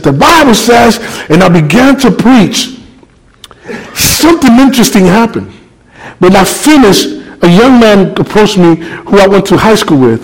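A man preaching a sermon, telling a story with lively, animated delivery that climbs toward near-shouting. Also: high voice, rough recording. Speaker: pastor.

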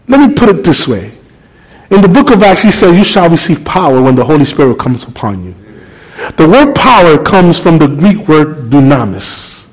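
Brief: middle-aged man preaching, fairly high voice, lively storyteller who quizzes the congregation. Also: husky, rough recording. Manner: animated, acts out dialogue, rhetorical questions to the congregation. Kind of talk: sermon with storytelling.

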